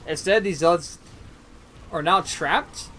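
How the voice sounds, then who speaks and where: A man giving casual, chatty play-by-play commentary on a strategy game match, swinging into excited bursts, and sounding tired. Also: a little high, slow pace, a little hiss or hum. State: yawning, tired. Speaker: esports caster.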